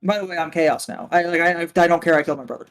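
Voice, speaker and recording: A man's voice: fairly high pitch, racing, fairly bright tone, smooth, soft background music. A man, a guest on a livestream, telling a story in casual chat on a voice call, rambling with lots of fillers and swearing. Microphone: voice call from a computer.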